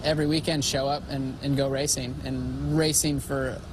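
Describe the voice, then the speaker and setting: A man answering interview questions in a halting, thoughtful way, recorded outdoors. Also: mid-range voice, level tone. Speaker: interviewed racer. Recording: outdoor clip with vehicle noise.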